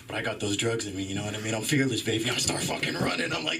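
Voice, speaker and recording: Animated young comedian at an open mic. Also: male voice, lowish voice, rapid-fire, hardly any pauses, far from the mic. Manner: animated, swearing storyteller, jumps into loud voices. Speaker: stand-up comedian. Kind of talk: stand-up comedy set.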